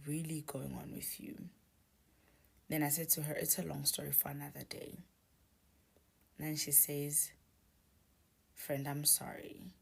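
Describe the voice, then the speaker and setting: A woman telling a confessional story in a hushed, often near-whispered voice, hesitant and full of restarts. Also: deep voice, gravelly, slightly rough.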